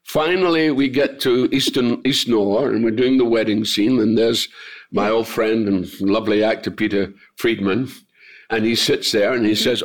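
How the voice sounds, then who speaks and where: A man's voice: on the low side, normal speed. A Scottish man, a guest actor in an interview, telling emphatic anecdotes and swearing freely. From Scotland. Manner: emphatic, swears freely, acts out quoted voices.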